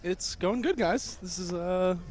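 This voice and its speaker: A young man in his twenties, a guest on a poker stream, talking eagerly with many pauses and fillers. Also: high voice, a little mellow, a little hiss or hum. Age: 20s. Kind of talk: casual interview chat.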